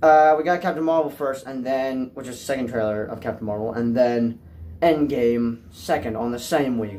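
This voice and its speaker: A young man vlogging as a movie fan, anxious and exasperated, repeating himself and swinging from low mutters to cries. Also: moderate pace, a little mellow, a little hiss or hum. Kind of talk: frantic solo rant.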